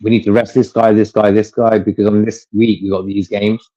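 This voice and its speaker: Guy rambling on a fan stream, mellow voice, muffled lo-fi sound, keeps repeating himself. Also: on the low side, flat delivery, fairly quick. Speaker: co-host of a fan livestream. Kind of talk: casual chat.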